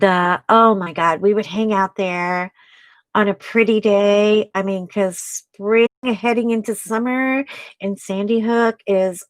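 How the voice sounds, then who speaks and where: A woman's voice: medium pitch, no room sound. A woman hosting a live stream, chatting casually with viewers while she crafts. She rambles, laughs often and trails off mid-sentence. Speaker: livestream host.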